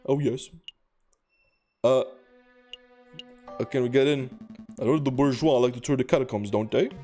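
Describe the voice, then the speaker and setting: A man's voice: medium pitch, moderate pace, mellow, soft background music, natural voice. A man voicing a polite, hesitant male bird lawyer who questions a librarian.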